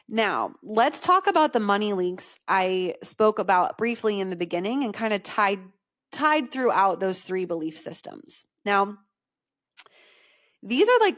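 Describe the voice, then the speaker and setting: A middle-aged woman talks straight to her listeners as a solo podcast host and coach. Her pitch sits at an ordinary middle height, and her delivery is conversational and emphatic. She keeps checking in with a quick "okay?".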